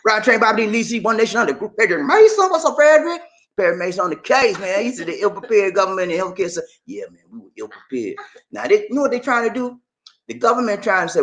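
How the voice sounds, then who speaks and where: A man's voice: sits high, fast talker. A man hosting a casual livestream, greeting viewers and reading their comments aloud in an emphatic, chatty way. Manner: animated, emphatic, chatty, repeats phrases. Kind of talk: casual live chat.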